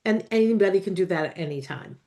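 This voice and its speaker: A woman's voice: medium pitch, lively intonation, quick pace, mellow. A woman hosting a podcast interview, affirming and encouraging as she reflects on her guest's story. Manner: encouraging, affirming, backchannels often with mm and yeah. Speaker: podcast host.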